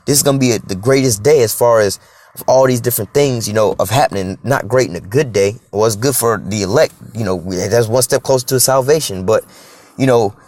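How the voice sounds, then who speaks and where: A man's voice: medium pitch, brisk, a little mellow. A man preaching informally on scripture in an emphatic, profane street style, checking in with "all right?" and "you know?".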